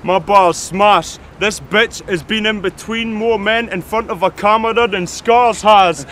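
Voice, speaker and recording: A Scottish man with a very high voice, firing off aggressive, taunting battle-rap bars outdoors on a city street. Faint street noise sits behind him. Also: a little slow. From Scotland. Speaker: battle rapper.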